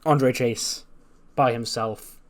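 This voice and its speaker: Brief: casual, chatty man narrating a wrestling sim playthrough, middling pitch. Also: fairly even intonation, slow. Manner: chatty, laughing asides, self-correcting. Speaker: game channel host.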